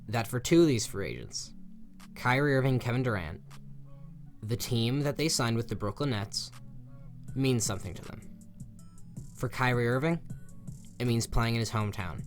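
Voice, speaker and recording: A young man in the role of sports commentator airs a heated, exasperated opinion. His delivery keeps flipping between loud outbursts and low muttering.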